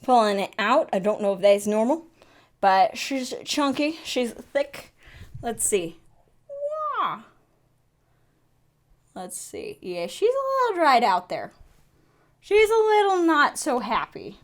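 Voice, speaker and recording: A young woman in a casual makeup unboxing vlog, chatty and excitable, often gasping and laughing. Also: a little high, a little slow. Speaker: beauty vlogger.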